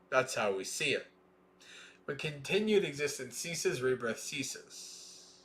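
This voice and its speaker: A man reading a Buddhist scripture aloud in a slow, measured way, with plain explaining asides between passages. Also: medium pitch, sharp tone. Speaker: Dhamma reader.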